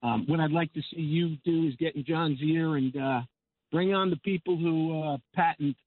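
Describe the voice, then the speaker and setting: A man's voice: fairly high pitch, moderate pace, no room sound. An older man calling in to a radio show, speaking hesitantly and stopping often on filler sounds. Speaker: caller. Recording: phone line.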